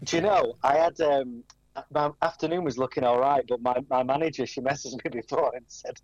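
A man's voice: medium pitch, fairly quick, no echo, muffled recording. A man who is a regular guest on a radio show, chatting casually and telling anecdotes.

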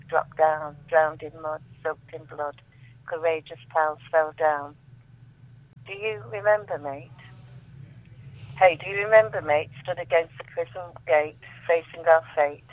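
Here a woman with a low-sitting voice reads her poems on a radio phone-in, full of feeling, with refrains that repeat and climb. The line is tinny and dry, with no room sound.

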